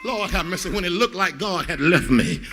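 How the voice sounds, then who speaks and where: A man pastor preaching a sermon in a sing-song cadence, calling on the congregation to answer back and building to shouts. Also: sits high, sing-song, normal speed.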